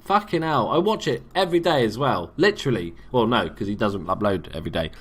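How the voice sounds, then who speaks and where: A man's voice: mid-range voice, animated, brisk, breathy edge. A young man from England giving casual, sweary, jokey let's-play commentary as a gaming YouTuber.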